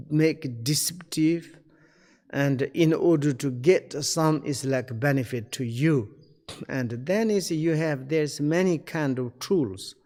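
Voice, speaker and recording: A man giving a spiritual teaching in halting English, searching for words, with many fillers and throat-clearing. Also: mid-range voice, a little mellow, long reverb tail. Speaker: Buddhist teacher.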